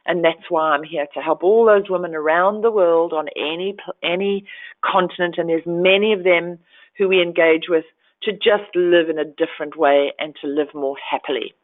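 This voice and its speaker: A woman's voice: fairly low pitch, fairly even intonation, normal speed. Woman, empowerment coach, motivational talk, emphatic, narrow phone-like sound. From Australia. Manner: direct, emphatic, repeats key advice.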